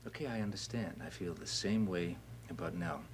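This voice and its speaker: A man plays an earnest, heartfelt widower in a soap opera. His voice is fairly low and reflective, with a faint hiss under it. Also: normal speed, close to an everyday voice.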